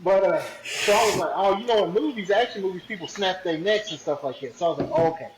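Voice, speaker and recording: A man, a podcast guest, telling a story in a slangy, animated, casual way. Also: high voice, fast talker, reverberant, background noise. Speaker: podcast guest, hunting ambassador.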